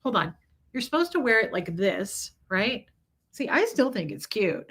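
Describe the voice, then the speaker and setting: Woman streamer, high-ish voice, very bright tone, animated, chatty, casual swearing. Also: normal speed, breathy edge. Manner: animated storytelling, reads chat aloud, swears casually. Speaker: live streamer. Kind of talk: casual live-stream chat.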